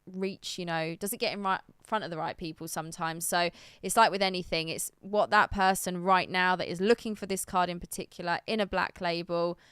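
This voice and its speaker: Chatty woman with a smooth, clear voice. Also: on the low side, fairly even intonation, brisk, hardly any pauses, a bit bright, no room sound, clean studio sound. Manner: chatty, thinks aloud with many ums. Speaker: stream co-host. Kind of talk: casual live-stream chat.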